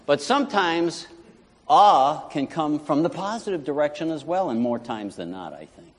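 A man preaching a sermon as pastor, animated, swinging from loud preaching to quiet asides. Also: on the high side, measured pace, long reverb tail.

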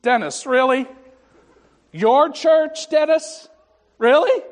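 A man voicing God as gently exasperated and chiding, in an incredulous, teasing way during a sermon. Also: very high voice, huge pitch swings, unhurried, voice pushed up, heavily acted. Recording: echoey sanctuary reverb.

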